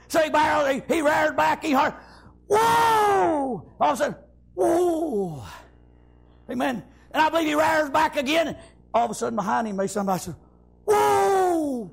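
A man preaching a fervent sermon, breaking into shouts and punctuating lines with amens. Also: very high-pitched, gravelly.

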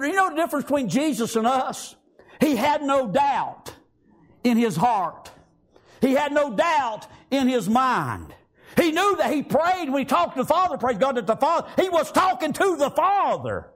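Male preacher, very high voice, fiery revival sermon with shouted bursts. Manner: shouting bursts, repeated "amen" and "praise God". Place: church.

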